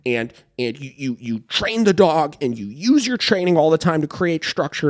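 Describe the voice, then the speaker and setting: A man's voice: fairly high pitch, sing-song, moderate pace, hardly any pauses. A young man hosting a dog training podcast, explaining emphatically in a casual way, often asking "right?" and swearing now and then.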